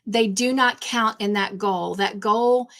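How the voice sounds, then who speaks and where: A woman's voice: mid-range voice, slow, a bit bright. A woman hosting a craft livestream, chatting casually and rambling, repeating herself when nervous. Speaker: craft channel host.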